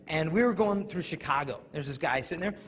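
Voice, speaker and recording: A man's voice: on the high side, animated, a little fast, breathy edge. A man giving a live talk to students, telling humorous stories and acting out voices. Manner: humorous storytelling, acts out voices. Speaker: youth speaker. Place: large hall with audience. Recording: reverberant hall, faint ambient noise.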